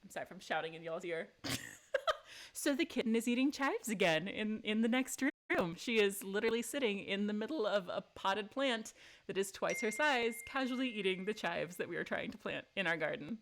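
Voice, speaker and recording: Woman streamer at home, chatty and giggly, quick sarcastic asides. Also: mid-range voice, animated, slight background noise. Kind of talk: live game playthrough with commentary. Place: home room.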